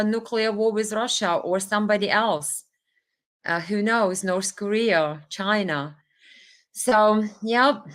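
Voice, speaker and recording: A woman's voice: fairly high pitch, fairly bright tone. A woman hosting a livestream, talking earnestly and heartfelt to viewers on a webcam, tearful at times. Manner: earnest, heartfelt, reads viewer comments aloud. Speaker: livestream host. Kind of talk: emotional livestream talk.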